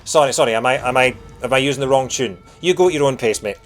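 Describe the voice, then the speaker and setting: A young Scottish man chats while playing a game, rambling and jokey and quick to poke fun at himself. His voice sits in a mid range, with faint music underneath. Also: medium pitch. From Scotland. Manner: rambling, jokey, self-deprecating, chatty. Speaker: game streamer. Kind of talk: casual let's-play chat.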